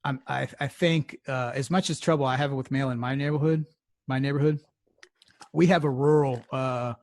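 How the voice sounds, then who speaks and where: Casual male podcast co-host, from Houston, rambling and swearing through stories, mid pitch, dry close mic. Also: steady tone, normal speed, dry recording. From Houston area. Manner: rambling, profane storytelling with laughs.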